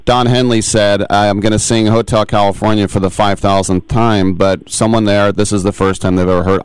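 A man's voice: fairly low pitch, flat delivery, brisk, hardly any pauses, a little hiss or hum. A man hosting a radio show, asking questions in a chatty, joking, self-mocking way. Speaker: sports radio host. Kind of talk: radio interview.

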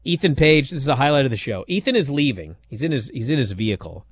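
A man hosting a wrestling recap show, talking in a sarcastic, animated way and acting out what others said. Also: mid-range voice, fast, husky. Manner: sarcastic, animated, acts out quotes. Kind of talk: casual recap commentary.

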